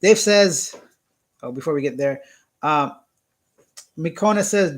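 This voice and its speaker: A young man from Canada hosts a relaxed live stream, reading out comments from his viewers. His voice sits a little high for a man, and he keeps things playful and teasing, breaking into laughter often. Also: slow pace, long pauses. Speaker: YouTube channel host. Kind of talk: casual live-stream chat.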